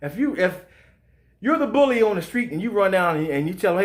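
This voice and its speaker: A man's voice: sits high, fairly quick. Fired-up man ranting about boxing. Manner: profane, animated, acts out quoted voices. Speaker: sports show host. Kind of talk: heated boxing commentary rant.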